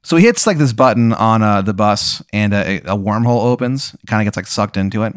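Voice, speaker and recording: A man's voice: lowish voice, fast, clean tone, no echo, clean studio sound. A man hosting a comedy talk, improvising a profane, rambling story and narrating it to his guest in the second person. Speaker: host.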